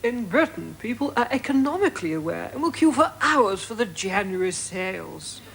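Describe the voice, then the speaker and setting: A man delivering deadpan satirical comedy lines. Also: high voice, moderate pace, vocal fry, husky, low-quality recording. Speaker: impressionist comedian. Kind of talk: satirical impressions.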